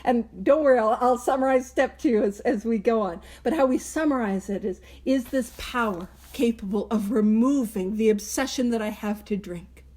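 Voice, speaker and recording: A woman's voice: on the high side, moderate pace, few pauses, darkish tone. A woman hosting a recovery book study, teaching in a casual spoken way, earnest and emphatic, with small chuckles between phrases.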